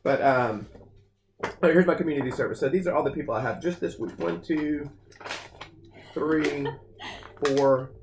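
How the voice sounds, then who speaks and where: A man who founded a gym, guesting on a podcast and telling his stories in an animated, rambling way, full of "man" and "you know". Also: on the high side, normal speed, pauses often, noisy background. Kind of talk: casual interview storytelling.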